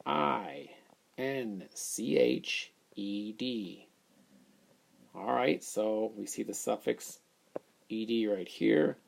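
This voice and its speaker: A man's voice: fairly low pitch, creaky, husky. A male teacher explaining a phonics lesson, sounding words out and thinking aloud as he works through each one.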